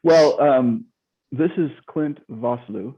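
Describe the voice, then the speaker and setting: A man's voice: medium pitch, takes it slowly, slightly rough. A man with a Midwestern American accent, a podcast host chatting casually and laughing easily over a video call. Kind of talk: casual interview chat. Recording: thin phone-like video-call audio.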